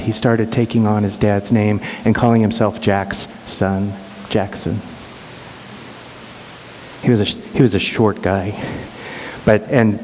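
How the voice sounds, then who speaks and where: A middle-aged man telling an emotional personal story earnestly, often halting and repeating words. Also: fairly low pitch, darkish tone. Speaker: speaker sharing a personal story. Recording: reverberant hall with faint hiss.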